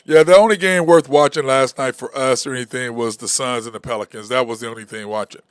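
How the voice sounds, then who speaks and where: A man's voice: mid-range voice, fast talker, clean tone, no room sound, clean studio sound. A man hosting a sports talk show, talking bluntly and with animation in casual sports chat. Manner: blunt, animated, says "okay?" and "bro" a lot.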